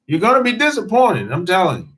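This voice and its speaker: A man's voice: high-pitched, wildly swooping pitch, fast, fairly bright tone, low-quality recording. A man hosting a casual live stream as a dating coach, talking bluntly in slang and repeating himself.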